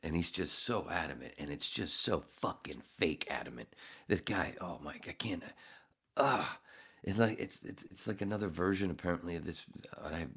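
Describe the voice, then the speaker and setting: Male podcast host, husky low voice, profane rambling monologue. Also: moderate pace, a bit bright. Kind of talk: casual monologue.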